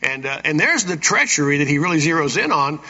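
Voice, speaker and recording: A male pastor talks fast through his sermon, his fairly high voice swinging widely in pitch, bright and forceful. Between points he reads verses and asks the congregation "Amen?" in a folksy manner. It sounds like a dull, reverberant church hall.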